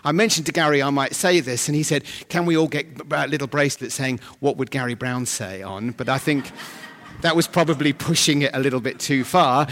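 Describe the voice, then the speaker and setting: A man preaching a sermon, humorous and animated, with sudden loud bursts of emphasis. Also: mid-range voice, brisk. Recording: long hall reverb.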